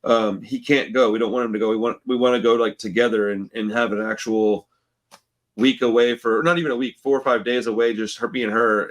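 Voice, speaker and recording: A man in his forties from Texas, hosting a podcast and telling rambling stories full of slang and swearing. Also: medium pitch. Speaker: podcast host. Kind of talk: casual chat.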